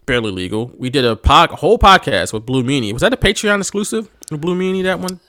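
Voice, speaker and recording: A man with a Philadelphia accent co-hosting a podcast in casual, animated chat, laughing often and talking slangy. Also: fairly high pitch, fast. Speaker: podcast co-host.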